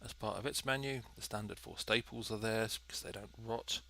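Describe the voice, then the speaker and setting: A man's voice: lowish voice, fairly even intonation, a little fast, creaky, pushed and bright. A man giving chatty, dry, methodical commentary while playing a cooking game. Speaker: let's play host. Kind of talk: gameplay commentary.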